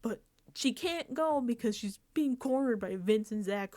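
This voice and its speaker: Laughing often and sounding exasperated, a woman host gives a casual, animated recap of a reality show. Her voice sits in the mid range, and she speaks at a measured pace.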